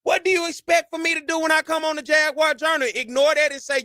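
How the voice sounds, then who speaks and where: A man hosts a sports talk podcast in a high, bright voice. He preaches his points with lively swings in pitch and folksy slang. The sound is close and dry. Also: fast, no room sound. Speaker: podcast host.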